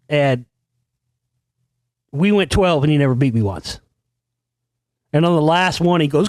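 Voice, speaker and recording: A man's voice: a little slow, pauses often, no room sound, studio quality. A man hosting a show, telling a crude, boastful party story full of swearing and acting out the people in it. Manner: crude, swaggering, heavy swearing; acts out quotes with sudden loud high outbursts. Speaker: show host. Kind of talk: profane storytelling monologue.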